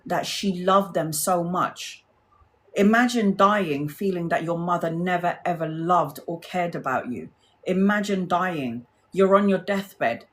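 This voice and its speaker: A woman hosting a live tarot stream, talking to her viewers in an earnest, blunt and emotional way and swearing freely. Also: lowish voice. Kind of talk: heartfelt casual live-stream chat.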